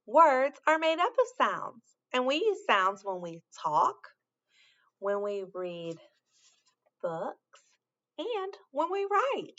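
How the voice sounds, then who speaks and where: A woman's voice: a little high, fairly bright tone, dull audio. A woman teaching a sound to young children in a patient, encouraging way, with sing-song praise and carefully spelled-out sounds.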